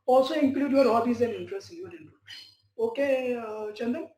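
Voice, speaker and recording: A man's voice: extremely high pitch, brisk, mellow. A male tutor, teaching a speaking class online and reassuring a student with frequent check-ins. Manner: reassuring, repeats "fine" and "okay" as check-ins. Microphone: video call. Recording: echoey room with faint noise.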